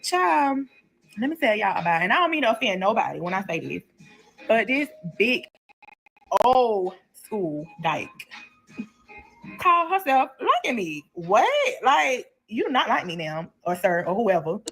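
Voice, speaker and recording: A young woman telling a story casually, animated, blunt and profane, addressing listeners as y'all. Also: a little high, unhurried, faint music behind. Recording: played clip within livestream.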